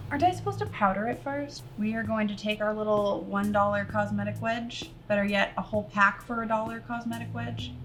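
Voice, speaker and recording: Filmed on a camera on a tripod, a young vlogger with a medium-pitched, fairly bright voice talks her viewers through a makeup tutorial. She's casual and rambling, often poking fun at herself.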